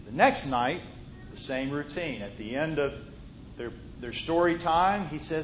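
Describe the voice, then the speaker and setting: A man preaching a sermon, moving between loud, emphatic lines and soft, hushed storytelling. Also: lively intonation, a little slow, soft background music. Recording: roomy muffled hall recording, faint rumble.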